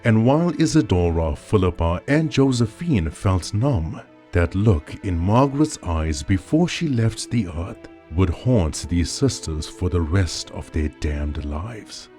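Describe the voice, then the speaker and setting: Deep, slow male horror storyteller. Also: animated, warm tone. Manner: slow, dramatic storytelling with lingering pauses. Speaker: narrator. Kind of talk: scripted horror story narration. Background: faint background music.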